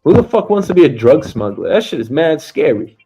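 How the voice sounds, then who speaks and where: A man's voice: on the high side, very animated, fairly quick, over music. Rambling, foul-mouthed male comedian host. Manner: rambling, heavy swearing, frequent "like" fillers. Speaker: comedian host of a news talk stream. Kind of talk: casual profane commentary.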